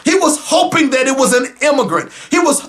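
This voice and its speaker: A male radio host giving sarcastic talk radio commentary, talking straight to his listeners and breaking into shouts. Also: very high voice, a little fast. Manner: animated, sarcastic, bursts into shouting; addresses listeners directly and casually.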